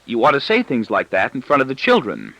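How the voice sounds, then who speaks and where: A man's voice: mid-range voice, huge pitch swings, gravelly, pushed and bright, no echo, pitched above the performer's own voice, heavily acted, rough recording. A man playing a prim, overly polite wife. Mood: primly disapproving. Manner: slow, exaggeratedly polite. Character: prim, disapproving middle-aged wife, genteel.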